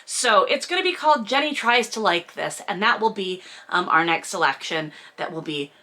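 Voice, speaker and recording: Bright-voiced woman vlogging a book review. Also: mid-range voice, expressive, normal speed. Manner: candid, chatty, swears freely, many ums. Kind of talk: casual book review vlog.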